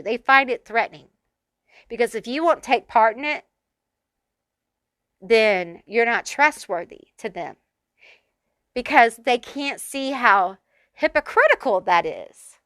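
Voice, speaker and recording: Bright, chatty middle-aged woman reading tarot. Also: fairly high pitch, no echo. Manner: chatty, bubbly, with lots of fillers like "like" and "you know". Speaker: tarot reader. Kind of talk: casual tarot reading to camera. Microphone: corded mic.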